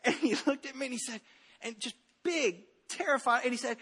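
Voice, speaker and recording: A man's voice: very high voice, brisk, pushed and bright, slightly rough. A man in his thirties preaching a sermon from a church stage, chatty and humorous, telling stories with many restarts. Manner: conversational, humorous storytelling with frequent restarts. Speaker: pastor.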